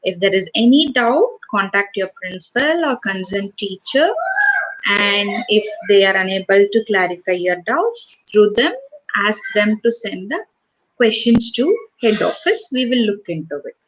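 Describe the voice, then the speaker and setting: Slow, coaxing woman teacher. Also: mid-range voice, lively intonation, a bit bright, a little hiss or hum, low-quality recording. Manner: slow, coaxing, repeats questions to children. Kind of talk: online class lesson to children. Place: home or small room, online class.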